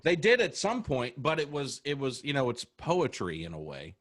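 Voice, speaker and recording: An American man, a comedian, chatting casually on a podcast and explaining things with animated storytelling. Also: mid-range voice, normal speed, no echo. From United States. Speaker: comedian guest.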